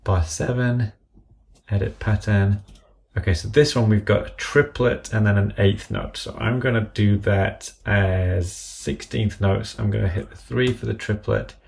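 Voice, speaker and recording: A man presents a screen-recorded tutorial on entering drum notation in a music app, slowly and methodically calling out notes and stickings and muttering corrections to himself. His voice is on the low side, creaky and darkish, with fairly even intonation. Keyboard typing and mouse clicks sound in the background.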